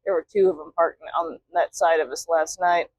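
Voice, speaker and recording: A woman's voice: sits low, fairly even intonation, moderate pace, husky, no room sound, poor audio. A woman truck driver chatting casually in a vlog from inside her truck cab, often talking to her cat.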